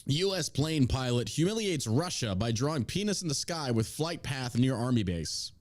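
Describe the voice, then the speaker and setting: Man, podcast host, crude comedic banter, profane, mocking, very lively pitch. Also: normal speed. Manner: profane, mocking, slips into put-on accents for jokes.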